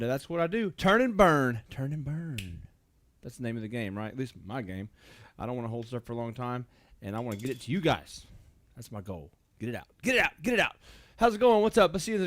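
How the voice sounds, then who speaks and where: A man's voice: mid-range voice, a bit bright. A man hosting a live toy sale from his shop, chatting casually and greeting viewers by name. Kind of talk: casual livestream chat.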